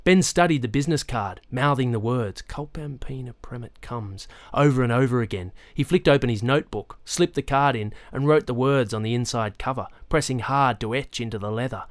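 A man reading a novel aloud in a measured, even storytelling manner. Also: medium pitch, dry recording. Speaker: audiobook narrator. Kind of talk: scripted narration.

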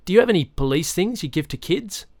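A man voicing an eager, curious young schoolboy, high and a little awkward. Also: lively intonation, fast talker, darkish tone, no room sound, clean studio sound.

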